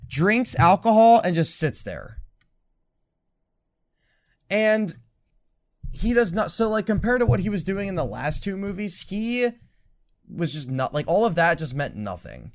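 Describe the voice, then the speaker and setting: Animated, profane young man ranting on a podcast. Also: high-pitched, a little slow, long pauses. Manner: animated, profane, mocking quoted lines. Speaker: podcast co-host. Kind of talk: casual podcast chat.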